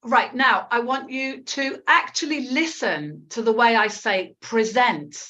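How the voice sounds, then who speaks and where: A woman's voice: on the high side, lively intonation, a little slow, pushed and bright, dull audio. A woman with an English accent, teaching a live online English lesson in a chatty, encouraging way, with frequent ums and self-corrections. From England.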